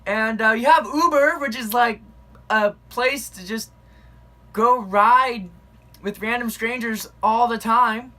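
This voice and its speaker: A young woman with a high-side, bright, pushed voice tells a personal story slowly, chatting and rambling with lots of fillers and small laughs in a casual storytelling style.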